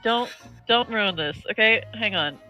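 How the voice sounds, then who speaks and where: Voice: medium pitch, animated, a little slow, dull audio, soft background music. A player in a tabletop game talking casually, hesitant and swearing freely.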